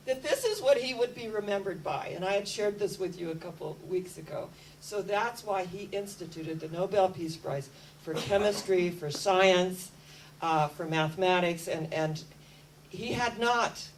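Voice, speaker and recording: A woman speaking to an audience, telling a story as a lively storyteller who keeps coming back to energy and spirit. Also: medium pitch, measured pace, far from the mic, low-quality recording. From United States. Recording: voice a bit off mic with faint hum.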